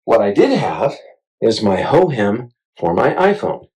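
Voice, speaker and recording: A middle-aged man casually vlogging about camera gear, chatty and self-deprecating, retelling his excitement, on a clip-on mic. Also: lowish voice, a little slow, poor audio. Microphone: wireless clip-on mic.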